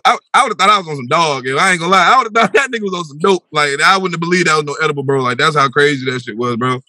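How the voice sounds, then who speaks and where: A young man telling a wild personal story on a podcast, animated and full of slang, acting out his own voice with big swings in pitch. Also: rapid-fire, few pauses, dry recording. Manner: slangy, repeats "bro" and "yo".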